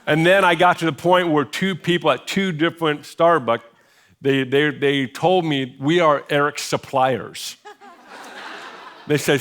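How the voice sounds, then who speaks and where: A middle-aged American pastor preaching in a church, telling a personal story in a conversational way with self-deprecating humor. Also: male voice, fairly high pitch, unhurried, fairly bright tone, a little hiss or hum. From United States. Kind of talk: sermon storytelling. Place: church sanctuary.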